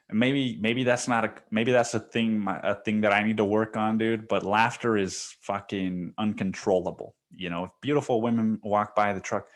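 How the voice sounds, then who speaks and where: A male podcast host telling a story in a casual, profane way, laughing often and saying "dude" a lot. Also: on the low side.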